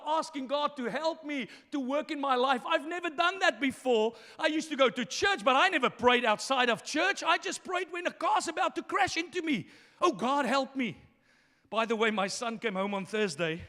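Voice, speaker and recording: A man preaching a sermon as pastor, impassioned, moving between quiet asides and shouted lines. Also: very high-pitched, big-room sound.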